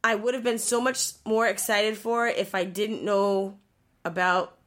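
A woman's voice: mid-range voice, fairly even intonation, measured pace. A woman co-hosting a casual podcast, ranting animatedly and swearing freely. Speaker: podcast co-host.

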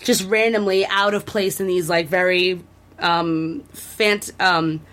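A woman's voice: lowish voice, steady tone, slow pace, a bit bright. Chatty woman rambling through a game recap. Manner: rambling, enthusiastic, many fillers and restarts. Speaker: podcast co-host. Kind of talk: casual chat about a video game.

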